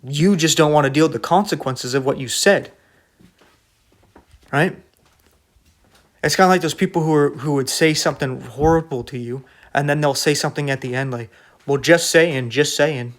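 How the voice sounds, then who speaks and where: A man's voice: fairly high pitch, normal speed, pauses often. A man preaching an online sermon in an emphatic, rebuking way, full of rhetorical questions.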